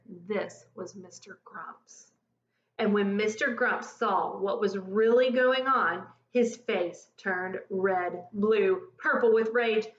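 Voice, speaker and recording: A woman reading a children's picture book aloud in an expressive, lively storytelling manner. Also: medium pitch. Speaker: storybook reader. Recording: echoey lo-fi room recording.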